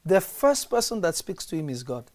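A man's voice: high-pitched, very animated, moderate pace. A man preaching as a prophet on a podcast, stressing and repeating key lines and quizzing his listeners.

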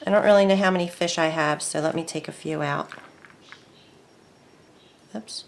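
A woman hosting a casual crafting video, chatting as she works. She is easily excited and thinks aloud between steps. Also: low-pitched, normal speed, creaky, slight background noise. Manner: chatty, excitable, talks to herself while working.

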